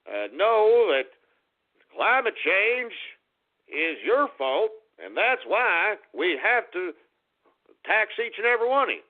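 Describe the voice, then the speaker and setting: A man putting on a slow, condescending politician voice in a mocking impression. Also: high voice, sing-song, exaggerated voice. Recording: tinny phone-like radio audio.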